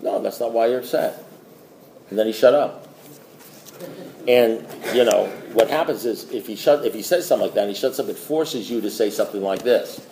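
A man's voice: lowish voice, fairly quick, warm tone, echoey room, slight background noise, low-quality recording. A middle-aged man giving a personal recovery testimony at a meeting, telling stories and acting out dialogue, laughing often.

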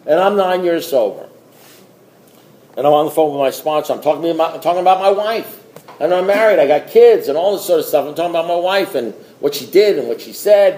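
A man's voice: fairly high pitch, fairly quick, mellow, reverberant, poor audio. A middle-aged man giving a personal recovery testimony at a meeting, telling stories and acting out dialogue, laughing often.

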